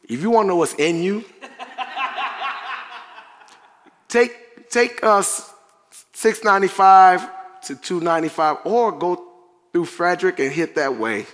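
A middle-aged man preaching a conversational sermon with animated asides and frequent laughter. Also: high voice, normal speed. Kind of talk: sermon devotional. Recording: reverberant church hall.

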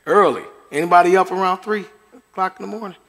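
High-voiced male pastor in a reverberant hall. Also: fast, gravelly, fairly bright tone. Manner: conversational preaching with chuckles and asides to the congregation. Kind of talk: sermon. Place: church sanctuary.

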